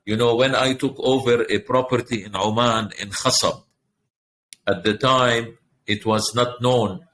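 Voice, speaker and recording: A man's voice: medium pitch, fairly even intonation, a little slow, fairly bright tone, slight background noise. A middle-aged man, a hotel group president, answering in a podcast interview with earnest, repetitive, speech-like phrasing.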